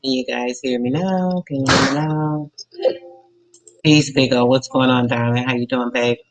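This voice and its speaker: A man's voice: medium pitch, steady tone, moderate pace, heavy background noise. Talkative man hosting a live stream. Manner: loose, talkative, fillers and self-corrections. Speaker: radio show host. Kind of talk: casual live-stream talk.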